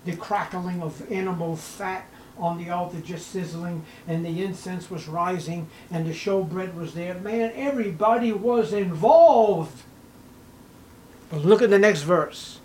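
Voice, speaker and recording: A male pastor preaching a sermon, emphatic, swinging between hushed lines and raised, punchy ones. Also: sits high, a little slow, slight background noise, rough recording.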